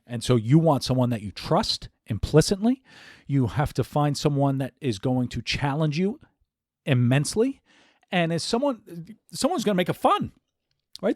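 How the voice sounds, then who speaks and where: A man's voice: lowish voice, darkish tone, no room sound, studio quality. Blunt, emphatic male podcast host. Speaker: executive coach and podcast host. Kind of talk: solo podcast monologue.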